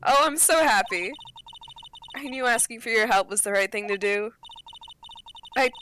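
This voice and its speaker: A woman's voice: a little high, normal speed, sharp tone, a little hiss or hum. A woman voicing a doting, flamboyant middle-aged woman as she reads game dialogue aloud, in a theatrical, fawning manner. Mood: pleading.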